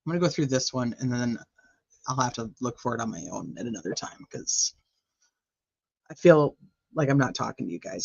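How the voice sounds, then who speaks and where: A man's voice: medium pitch, lively intonation, brisk, creaky, pauses often, husky, no echo. A man hosting a casual livestream, chatting with his viewers, swearing now and then, with a sore throat. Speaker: livestream host. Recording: dull lo-fi dry sound.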